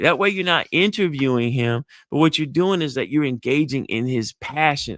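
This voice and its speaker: A middle-aged male psychologist coaches his audience with a lively, swooping delivery and a gravelly edge on his lower notes. His voice sits a bit high for a man. The sound is close and dry, with no room around it. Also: moderate pace, no echo. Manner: acts out friendly greetings in a high bright voice; emphatic and repetitive, asks the audience "right?". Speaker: psychologist giving dating advice. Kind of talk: animated coaching talk with role-play demonstrations.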